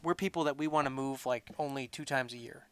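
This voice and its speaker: Speaking fast at a medium pitch, a man co-hosts a podcast over slight background noise. His talk is a relaxed, casual chat that rambles and leans heavily on fillers.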